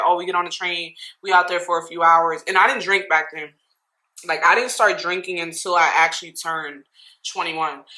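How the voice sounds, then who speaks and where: A young woman from New Jersey telling a casual storytime, chatty and animated, laughing often and talking to viewers directly. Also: fairly low pitch, roomy sound, rough recording. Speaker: vlogger.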